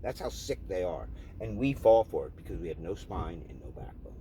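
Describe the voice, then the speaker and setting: A man's voice: low-pitched, big pitch swings, fairly quick, mellow, slight background noise. A man delivering an angry, profane political rant, heated and repetitive. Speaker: vlogger.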